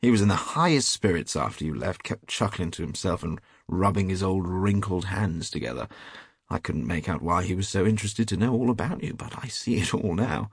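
A worldly painter with a drawling, teasing manner, read by a man. The voice is low and husky. The reading is dry and close. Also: lively intonation, a little fast, dry recording, exaggerated voice.

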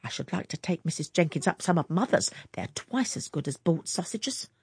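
A woman voicing an anxious, gentle young mother who speaks softly and pleadingly. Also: on the low side, expressive, normal speed, breathy edge, no room sound, clean studio sound, exaggerated voice. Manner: soft and pleading.

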